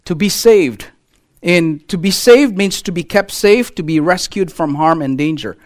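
A middle-aged male pastor preaching a sermon to his church, animated and full of rhetorical questions to the congregation. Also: sits high, unhurried. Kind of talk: sermon with a children's illustration.

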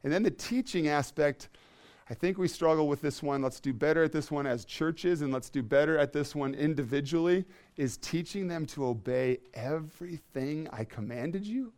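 Pastor, man, fairly high voice, emphatic sermon delivery with repeated key phrases. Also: normal speed, darkish tone.

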